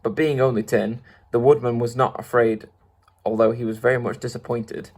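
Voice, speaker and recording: A man reading a classic storybook aloud in a steady way, with small restarts. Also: medium pitch, moderate pace. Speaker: audiobook reader.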